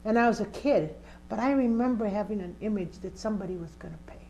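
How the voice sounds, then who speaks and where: Speaking fast in a mellow, medium-pitched voice, an older woman who works as a community organizer shares a personal story during an interview, acting out its scenes vividly and with emphasis. The sound is lo-fi, with slight background noise.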